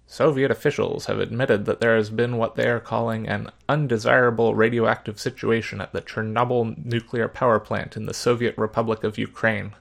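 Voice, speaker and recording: A man's voice: on the low side, a little fast, creaky, hardly any pauses. A man voicing a serious TV news anchor with a Midwestern American accent, reading the news evenly and formally. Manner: even, formal newsreading.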